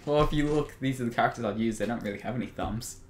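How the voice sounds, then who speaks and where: A teenage boy co-hosting a casual podcast chat, animated and quick to joke. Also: medium pitch. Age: teens. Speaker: podcast co-host. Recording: echoey room with audible noise.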